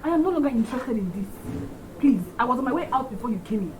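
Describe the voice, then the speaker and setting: A woman's voice: a little high, animated, fast talker, darkish tone, a little hiss or hum, close to an everyday voice. A Nigerian woman playing a haughty young fiancée who brushes off the men around her in a film drama. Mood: dismissive. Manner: dismissive, impatient.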